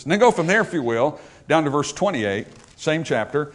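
Lively joking male preacher. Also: on the high side, fairly quick. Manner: lively, joking, asks the congregation questions. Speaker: pastor. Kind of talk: sermon.

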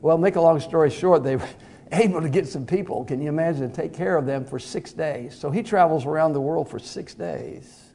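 Middle-aged male preacher, folksy storyteller, mellow tone. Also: a little high, normal speed. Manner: folksy, conversational storytelling with fillers and repeated "he said". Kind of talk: sermon with storytelling.

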